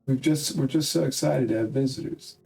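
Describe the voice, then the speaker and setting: A man voicing an eager, cheerful young local man who talks in an excited rush. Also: mid-range voice, a little fast, creaky, recorded from a distance, close to an everyday voice, low-quality recording.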